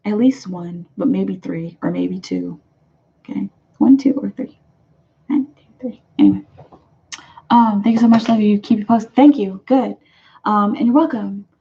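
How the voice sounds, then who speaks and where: A woman's voice: medium pitch, husky. A woman hosting a live tarot stream, chatting casually and rambling as she reads out viewers' comments. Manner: rambling, chatty, lots of "like" fillers and quick laughs. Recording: muffled lo-fi live-stream audio.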